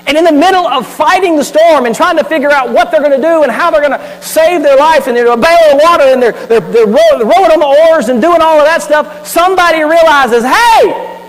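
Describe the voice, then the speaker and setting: High-voiced pastor preaching. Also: male voice, fairly quick, hardly any pauses. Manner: animated storytelling with asides and acted quotes. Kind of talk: sermon. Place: church sanctuary. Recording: hall reverb with faint mains hum.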